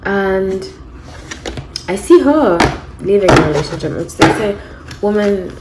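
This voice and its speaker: A woman's voice: medium pitch, expressive, unhurried, heavy background noise. A woman in her thirties giving a casual, rambling tarot reading and correcting herself as she goes. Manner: chatty, rambling, frequent self-corrections. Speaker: tarot reader.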